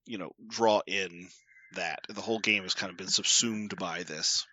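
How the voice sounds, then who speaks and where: A man co-hosting a casual podcast, relaxed and trailing off into quiet asides. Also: deep voice, normal speed, no room sound. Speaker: podcast co-host.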